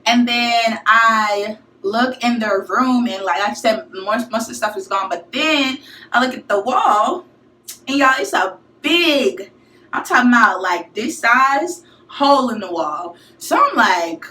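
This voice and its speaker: A young woman from St. Louis telling a college story to her viewers in a casual, slangy, animated way. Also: a little high, unhurried. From St. Louis, USA. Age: young adult. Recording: echoey room, mic at a distance.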